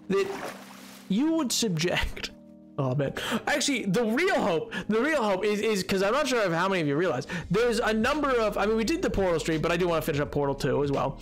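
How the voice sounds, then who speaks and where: A man's voice: high-pitched, big pitch swings, measured pace, fairly bright tone, faint music behind. A man streaming a game, chatting casually with viewers, joking at his own expense and laughing often.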